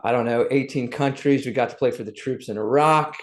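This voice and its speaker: A man's voice: medium pitch, a little fast. Middle-aged man telling stories. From Southern United States. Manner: lively anecdotes, acts out the people he quotes. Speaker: podcast guest. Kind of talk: animated storytelling.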